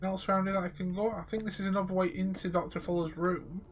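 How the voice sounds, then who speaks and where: A man's voice: sits high, flat delivery, quick pace. A man casually commentating a live game stream, joking with viewers. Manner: casual, jokey, addresses viewers.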